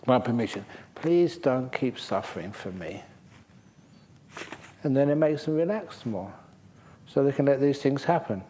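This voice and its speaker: Male monk teacher, lively storyteller, mid-pitched voice, relaxed talk. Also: slight background noise. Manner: lively storyteller, playful and humorous. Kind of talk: dharma talk with Q&A. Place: retreat centre hall.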